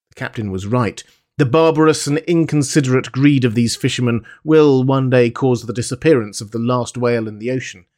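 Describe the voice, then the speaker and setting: A man narrating a classic adventure novel aloud in a steady, measured reading. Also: mid-range voice. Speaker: audiobook narrator.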